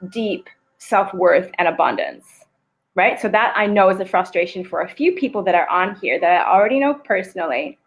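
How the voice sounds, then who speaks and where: A woman's voice: medium pitch, rough recording. Woman, spiritual coach on a live stream; emotive, earnest guided-meditation delivery. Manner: earnest, emotive, swearing at times. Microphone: live stream camera.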